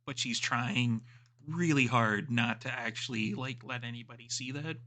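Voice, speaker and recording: A man's voice: mid-range voice, normal speed, pushed and bright. Rambling man narrating as game master. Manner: loose, rambling descriptions with many fillers.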